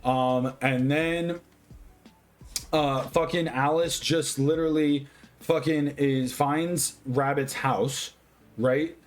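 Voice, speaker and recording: A tipsy man giving a casual movie review, rambling, swearing constantly and getting excitable. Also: fairly high pitch, takes it slowly, soft background music. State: tipsy, drinking.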